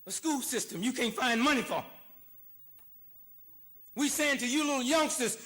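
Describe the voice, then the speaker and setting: A man giving an impassioned, sarcastic lecture, swinging between shouting and hushed asides. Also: very high-pitched, normal speed, pauses often. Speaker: public speaker. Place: lecture hall.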